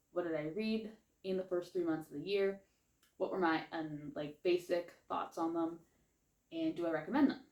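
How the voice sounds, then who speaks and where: A woman book vlogger rambles through a casual reading wrap-up, full of likes, ums and other fillers, with a slight lisp. Her voice is lowish with a darkish tone, and the sound is roomy.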